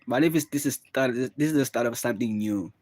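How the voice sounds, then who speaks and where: A young man thinking out loud to the camera, rambling and circling back on himself with plenty of casual slang. His voice sits in an ordinary middle range and is recorded dry and close, without any room echo. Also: mid-range voice, fast. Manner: rambling, musing, full of "like" and "bro". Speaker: vlogger. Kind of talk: casual confessional monologue.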